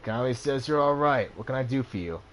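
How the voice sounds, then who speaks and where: Guy doing a loud jokey hungover cyber doc, middle-aged, brash, kinda pushed up in pitch. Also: animated, a little fast, slight background noise, natural voice. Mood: boisterous. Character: boisterous hungover middle-aged male back-alley cyber doctor.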